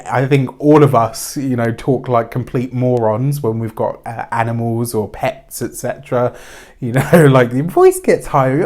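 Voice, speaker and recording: Chatty man giving a tarot reading. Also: medium pitch. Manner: chatty, rambling, warm spiritual phrasing with frequent fillers. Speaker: tarot reader. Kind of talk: casual weekly tarot reading.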